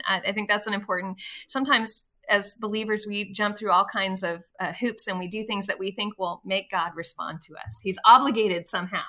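A woman reflecting thoughtfully in a casual book discussion, speaking softly. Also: mid-range voice, brisk.

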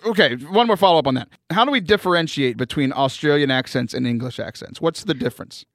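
A man's voice: a little high, lively intonation, quick pace, a bit bright, dry recording. Chatty American man, dry close sound. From United States. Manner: chatty, jokey, stumbles over starts. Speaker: podcast host. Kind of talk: casual interview chat.

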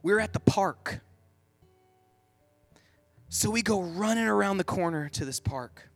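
A man's voice: high voice, animated, measured pace, no room sound, soft background music. A middle-aged man telling a personal story in a sermon, then leading into prayer, earnest and vivid with lots of "like". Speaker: Catholic speaker.

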